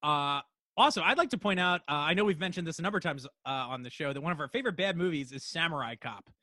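A man's voice: a little high, expressive, fast, sharp tone, dry recording, clean studio sound. A man co-hosting a podcast, casually recapping a TV episode, laughing often and rambling loosely. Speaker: podcast co-host.

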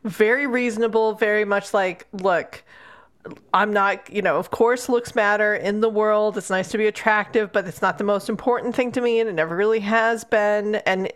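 A woman's voice: mid-range voice, fairly even intonation. A woman co-hosting a podcast, talking frankly and emphatically in a casual book discussion. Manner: frank and emphatic, quick asides. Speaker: podcast co-host.

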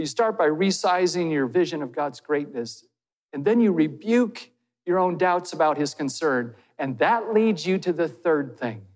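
A man's voice: a little high, a little mellow. A man preaching a sermon as pastor. He speaks earnestly and puts direct questions to his listeners. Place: church hall. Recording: long hall reverb.

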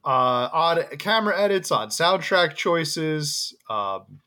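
A man co-hosting a movie podcast in casual chat, animated and jokey, with many restarts. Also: on the high side, takes it slowly. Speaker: podcast co-host.

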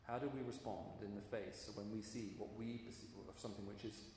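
A man's voice: fairly low pitch, fairly even intonation, fairly quick, a little mellow, slight background noise. Man preaching in an echoey hall. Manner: earnest, storytelling with emphatic rises. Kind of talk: sermon. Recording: echoey hall with long reverb.

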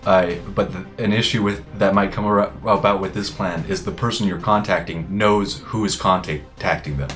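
A man with a very low voice runs a tabletop game as game master. He explains the rules and describes what happens. Faint music plays underneath. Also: fairly even intonation, normal speed, few pauses, a bit bright. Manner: explains rules with many fillers and restarts.

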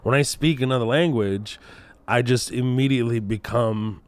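A man with a Texan accent, a guest comedian talking casually on a podcast, animated, laughing often and slipping into voices. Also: medium pitch, moderate pace, smooth. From Kuwait.

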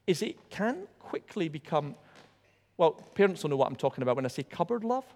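A man preaching a sermon in a church, animated and emphatic, repeating words for stress. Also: sits high, quick pace. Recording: long hall reverb.

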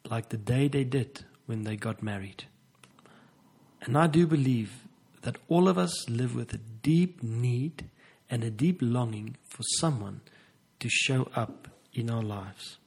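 Earnest husky-voiced male couples therapist. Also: mid-range voice, a little mellow, rough recording. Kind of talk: reflective motivational talk.

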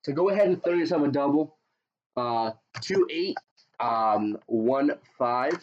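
A man's voice: mid-range voice, lively intonation, a little slow, a little hiss or hum. A man hosting a podcast in casual chat, teasing, profane and leading the segments. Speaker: podcast host. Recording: dull lo-fi sound.

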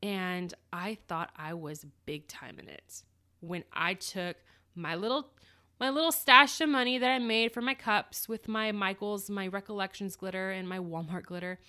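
A woman casually telling a personal story about starting her small business, animated and lively. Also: medium pitch. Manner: animated, lively retelling with acted quotes.

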